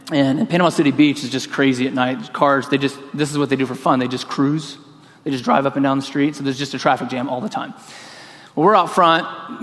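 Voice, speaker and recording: A man's voice: fairly high pitch, a bit bright. Guy preaching in a church, tells stories and does the voices, echo hangs in the hall. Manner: storytelling, acts out quoted voices. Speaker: pastor. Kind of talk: sermon.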